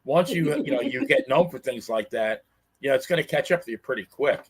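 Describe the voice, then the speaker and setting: A man co-hosting a podcast, recounting wrestling history in a halting, filler-heavy way. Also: mid-range voice, breathy edge. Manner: halting, lots of fillers and restarts. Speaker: podcast co-host. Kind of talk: casual chat.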